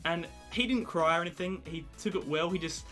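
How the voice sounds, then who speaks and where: A man's voice: on the high side, normal speed, fairly bright tone, faint music behind. A young man telling rambling, sweary, self-mocking stories to camera in a casual vlog. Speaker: vlogger. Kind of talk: casual confessional storytelling.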